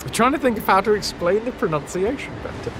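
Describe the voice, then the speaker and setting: A man with a high-pitched voice talks fast with lively intonation, chatting playfully and rambling as he plays a game on a live stream and answers his chat. Game music and other background noise can be heard.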